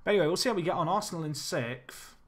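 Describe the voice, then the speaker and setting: A man's voice: a little high, very fast. Chatty man streaming a game. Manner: chatty, animated, reacts to chat. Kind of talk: casual game commentary.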